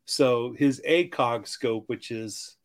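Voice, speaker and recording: A man's voice: medium pitch, slow. A man co-hosting a casual movie podcast, talking in rambling, filler-heavy runs with many restarts. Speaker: podcast co-host. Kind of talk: casual movie-review chat.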